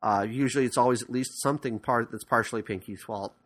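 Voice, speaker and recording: A man's voice: medium pitch, fast, a bit bright. Rambling man hosting a podcast. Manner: rambling, frequent "uh" fillers and restarts. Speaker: podcast host. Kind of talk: casual podcast commentary on cartoons.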